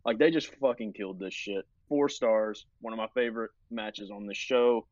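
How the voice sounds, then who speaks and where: A man's voice: lowish voice, normal speed, a little mellow, no echo, lo-fi sound. A man co-hosting a podcast in casual chat, talking like an enthusiastic, profane fan. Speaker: podcast co-host.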